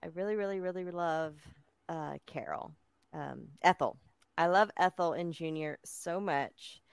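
A woman's voice: fairly low pitch, a little slow, gravelly, clean tone, no echo. Gushing woman podcast host, dry mic. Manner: gushing, playful slang. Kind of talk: casual chat.

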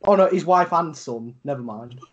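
A man's voice: a little high, animated, a little fast, highs cut off. A man with a Yorkshire accent co-hosting a casual football podcast, rambling with lots of fillers and free swearing. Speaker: podcast co-host.

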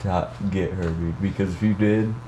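A young man chatting casually on a podcast, who laughs easily and reacts loudly. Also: low-pitched, fairly even intonation, normal speed, faint music behind. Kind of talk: casual chat. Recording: roomy room with audible hum.

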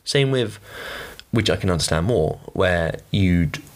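A man's voice: low voice, expressive, measured pace. A young man hosting his own podcast, rambling casually with lots of fillers and blunt swearing. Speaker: podcast host. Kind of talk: casual solo podcast monologue.

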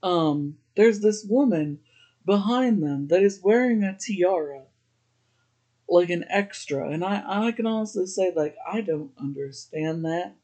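A man with a fairly high voice recaps a television episode in a loose, chatty way. He laughs often and leans on "like" as he talks. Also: expressive, measured pace, warm tone. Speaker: podcast host.

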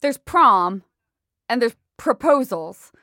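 A woman co-hosting a podcast, talking in an animated, mock-exasperated casual way. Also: fairly high pitch, takes it slowly, dry recording, studio quality. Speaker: podcast co-host. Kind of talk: casual chat.

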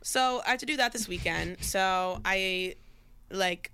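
A woman's voice: medium pitch, unhurried, sharp tone, clear, resonant tone, no echo. A young woman from Pennsylvania co-hosting a casual on-air chat, chatty and slangy. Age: young adult. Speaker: co-host. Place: studio on air.

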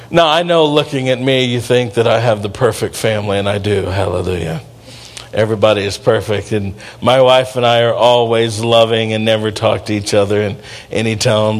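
A middle-aged male pastor preaching a sermon in an animated way, with playful asides and bits where he acts out voices. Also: mid-range voice.

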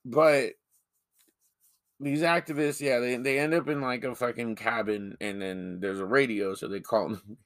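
A man's voice: mid-range voice, fairly even intonation, a little slow, a bit bright, dry recording, studio quality. A man co-hosting a podcast, chatting casually about a movie with profane, joking, mock-outraged remarks. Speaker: podcast co-host. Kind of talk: casual movie-review chat.

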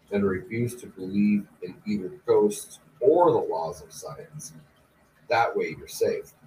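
A man, the host of a podcast, reading a book aloud slowly and deliberately. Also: deep voice. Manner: slow, deliberate, even reading. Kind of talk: audiobook-style reading. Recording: distant mic with faint background noise.

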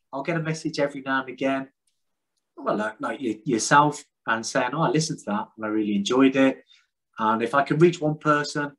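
A man's voice: medium pitch, a bit bright, poor audio. A man, talking frankly and at length as a podcast guest, rambling and self-deprecating. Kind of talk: casual conversation.

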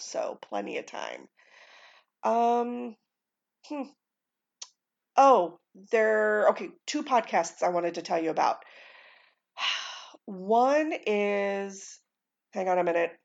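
An American woman chats loosely on her solo podcast, drifting from thought to thought, swearing offhandedly and filling pauses with ums. Her voice has a gravelly fry to it. The recording sounds dull and lo-fi. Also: medium pitch. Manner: rambling, casual swearing, frequent ums. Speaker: podcast host. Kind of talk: casual solo podcast chat.

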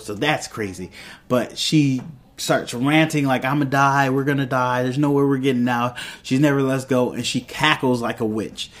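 A man casually recapping a TV episode, rambling and restarting often, dropping into quick quoted voices for the characters. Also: medium pitch. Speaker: TV show reviewer.

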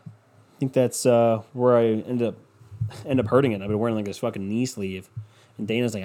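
A man's voice: on the low side, fairly even intonation, moderate pace, pauses often, warm tone. Profane, scatterbrained man ranting. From Cleveland. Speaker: podcast host. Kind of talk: rambling solo podcast monologue. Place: home room with windows open.

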